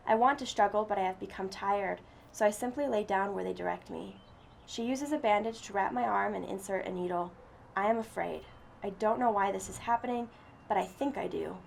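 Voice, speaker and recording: A woman reading a first-person story aloud in a steady, earnest way. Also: medium pitch, a little fast, gravelly, slight background noise. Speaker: story reader.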